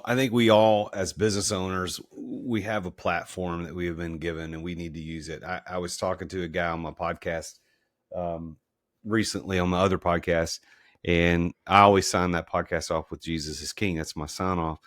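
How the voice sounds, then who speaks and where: Male podcast host, low voice, very dry close sound, chatty and animated storyteller. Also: moderate pace, dry recording. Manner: animated, laughing anecdotes. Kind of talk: casual conversational storytelling.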